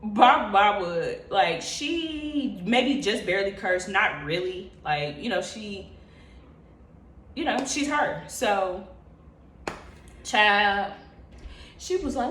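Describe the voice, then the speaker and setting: A woman vlogger telling a story in an animated, expressive, profane casual way. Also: medium pitch, takes it slowly, long pauses, reverberant, slight background noise.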